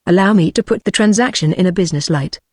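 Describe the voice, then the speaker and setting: A text-to-speech woman's voice with a British English accent, reading a classic novel aloud at a steady, measured pace without voicing the characters. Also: lowish voice, dry recording, clean studio sound. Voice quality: synthetic, evenly paced. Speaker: audiobook narrator.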